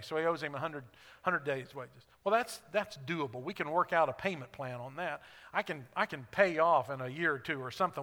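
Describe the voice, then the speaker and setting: A man delivering a sermon as pastor, his voice high and bright. He builds to emphatic, ringing lines, then falls back to soft, conversational asides. The sound carries a long hall reverb. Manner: swells to emphatic peaks, then drops to quiet asides.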